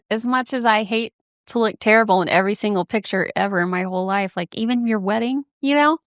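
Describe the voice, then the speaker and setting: A woman's voice: mid-range voice, a little fast, dry recording. A young woman co-hosting a podcast in a mid-range voice. She chats easily and explains with enthusiasm. The recording is dry and close to the mic. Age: young adult. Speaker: podcast co-host. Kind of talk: casual chat.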